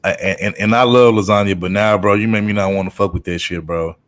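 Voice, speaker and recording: A man's voice: on the low side, steady tone, fast talker, no echo, clean studio sound. A man co-hosting a casual talk show, joking and trash-talking, tacking "bro" onto his lines. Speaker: podcast co-host. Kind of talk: casual chat.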